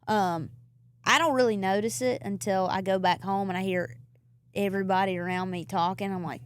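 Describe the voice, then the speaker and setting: A woman's voice: medium pitch, steady tone, moderate pace, clear, resonant tone. A young woman from rural Virginia with an Appalachian Southern accent, chatting candidly as a guest in an interview, rambling and breaking off mid-sentence. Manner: candid, rambling, self-interrupting, laughs easily. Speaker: guest songwriter. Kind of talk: casual interview chat.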